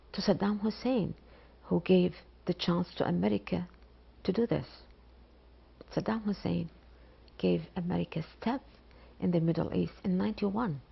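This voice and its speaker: A middle-aged woman from Iraq, a biology professor speaking slowly and haltingly in an interview, with pauses and repetitions. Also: medium pitch, vocal fry, husky. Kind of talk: interview testimony. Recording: dull lo-fi interview recording.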